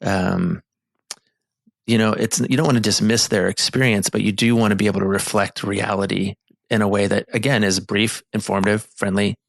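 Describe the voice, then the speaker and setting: A man's voice: lowish voice, steady tone, normal speed, creaky, no room sound, clean studio sound. A man co-hosting a marriage therapy show, explaining in earnest casual chat with many restarts and fillers. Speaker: marriage therapist and podcast co-host.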